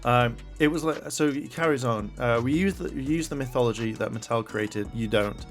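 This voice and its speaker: A man in the middle of a vlog rant, his voice pitched in an ordinary mid range. He sounds irritated and swears freely, stumbling through fillers as he reads articles out loud and picks them apart. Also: normal speed, faint music behind. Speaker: commentary vlogger. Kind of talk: ranting commentary.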